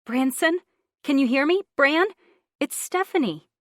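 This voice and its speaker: A woman's voice: high-pitched, expressive, measured pace, dry recording, clean studio sound, pitched above the performer's own voice. A woman voicing an anxious young woman who reassures urgently, then turns indignant. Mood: reassuring.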